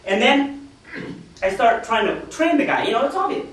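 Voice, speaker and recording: A man's voice: extremely high pitch, expressive, moderate pace, a bit bright. A man giving a motivational business seminar to a room, telling stories animatedly and acting out the people he quotes. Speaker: business opportunity speaker. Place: meeting room with an audience. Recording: echoey room, distant mic.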